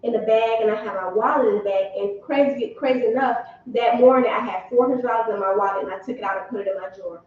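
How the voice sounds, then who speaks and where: Brief: woman from Detroit, casual storyteller, a bit high-pitched, distant and echoey with muffled sound. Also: fast, hardly any pauses, slight background noise. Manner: rambling, restarts, addresses group as y'all. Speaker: podcast panelist.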